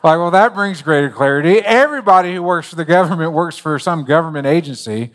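A man's voice: a little high, lively intonation, fast talker, a bit bright, long reverb tail. A man preaching a sermon as a pastor, telling stories in a conversational, joking way.

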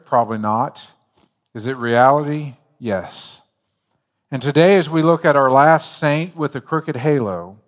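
A man preaching to his church in an easy, storytelling voice, a little higher than most men's. He jokes and asides between points. The sound carries a long reverb from a large hall. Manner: conversational, joking storyteller. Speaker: pastor. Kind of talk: sermon.

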